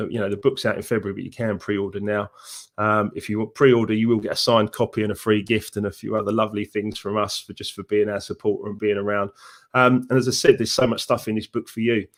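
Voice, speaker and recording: A man with a Cockney accent, a success coach chatting upbeat and casually to viewers on a live stream. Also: fairly low pitch. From England. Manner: upbeat, chatty, many fillers.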